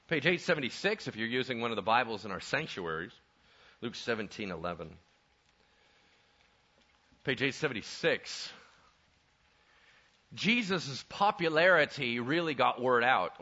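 A man preaching a sermon in a church sanctuary, telling Bible stories with humor and dropping to quiet intensity for serious points. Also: medium pitch, muffled recording. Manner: animated, humorous storytelling, shifts to quiet intensity. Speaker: pastor.

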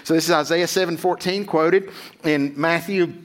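A man's voice: fairly high pitch, fairly even intonation, normal speed. Casual middle-aged male pastor preaching. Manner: casual, conversational, many 'right?' asides. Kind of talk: sermon.

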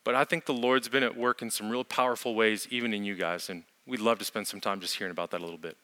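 A man's voice: lowish voice, fairly even intonation, quick pace, sharp tone. A man speaking from the front of a church, earnest and thankful as he addresses the congregation. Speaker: pastor.

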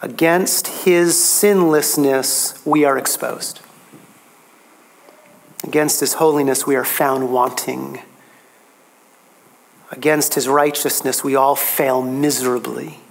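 A man's voice: fairly even intonation, slow, creaky, long pauses, slight background noise. Emphatic male preacher. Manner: emphatic, rising in pitch on key phrases. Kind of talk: sermon.

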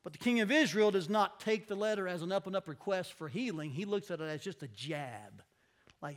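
A man's voice: high-pitched, expressive, brisk. A man preaching a conversational sermon, telling a Bible story expressively and acting out the people in it.

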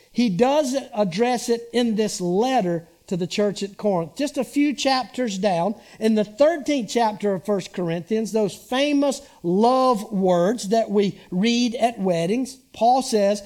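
A pastor in his sixties delivers a sermon, talking with his congregation as much as to it and checking in with rhetorical questions. He is a man with a high-pitched voice and an unhurried, deliberate pace. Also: darkish tone.

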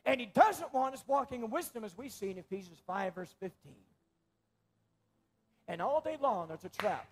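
A man preaching a sermon in a church, repeating phrases for emphasis and swinging between loud stress and near-whispers. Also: high-pitched, expressive, moderate pace, long pauses.

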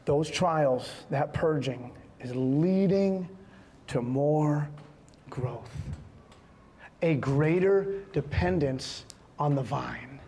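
A man's voice: fairly high pitch, slow, warm tone, in a large hall, a little hiss or hum. A man in middle age, a pastor preaching an impassioned sermon with emphatic repetition in a church. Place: church sanctuary.

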